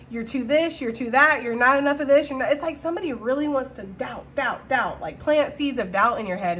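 A woman giving a casual, slangy tarot reading to her viewers, talking in an animated way with frequent laughter. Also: sits high, a little hiss or hum. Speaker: tarot reader.

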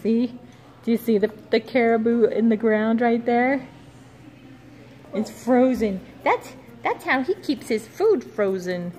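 A mother filming her child in a large museum hall on a handheld phone, animated and exclaiming, playful with the child. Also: on the high side, slow, a little hiss or hum. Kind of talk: casual family vlog. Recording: background music over the audio.

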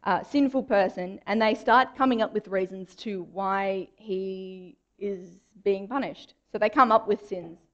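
A woman's voice: mid-range voice, measured pace, few pauses, a bit bright, muffled recording. A young woman giving a chatty, informal sermon in a church. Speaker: preacher.

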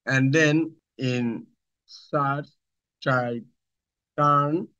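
A man who works as an IT instructor narrates a step-by-step software tutorial, giving slow instructions in short phrases with pauses between them. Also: medium pitch, steady tone, smooth, highs cut off.

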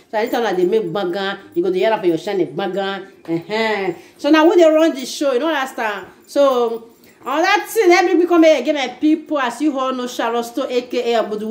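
A woman with a Nigerian Pidgin English accent, vlogging casually to her channel in an animated way and often repeating herself. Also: mid-range voice. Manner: animated, repeats phrases, often asks "you no understand?". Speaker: YouTube vlogger. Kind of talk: casual chat to camera. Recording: echoey room with faint ambient noise.

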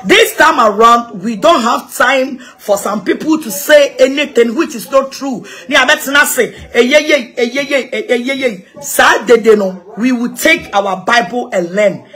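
A Ghanaian woman evangelist giving an impassioned, animated address, repeating herself and laughing between points. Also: a little high, unhurried, few pauses. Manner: animated, repetitive, mixing local-language phrases, laughing asides. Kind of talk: impassioned social media address.

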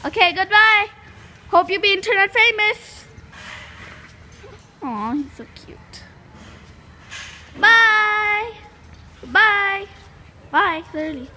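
A female host giving casual gameplay commentary, chatting and calling out loudly to her pets. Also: extremely high pitch, animated, takes it slowly, pauses often. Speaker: gaming channel host. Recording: clear background noise.

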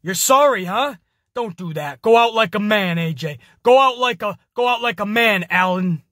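A man's voice: high voice, expressive, normal speed, fairly bright tone, dry recording, clean studio sound. A man impersonating an aging, menacing male wrestler who taunts a beaten rival with drawled threats. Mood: taunting.

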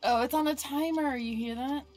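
A woman's voice: sits high, moderate pace, a little mellow, soft background music. A woman streaming a co-op game, chatting playfully and joking with her partner. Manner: playful, laughs often, sing-song jokes. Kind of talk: casual gaming chat.

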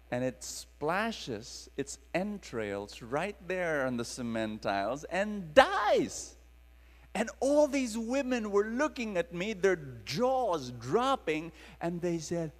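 An unhurried, higher-voiced man with a Filipino accent preaches through dramatic storytelling, calling on the live audience to join in. The recording comes from a large, reverberant hall.

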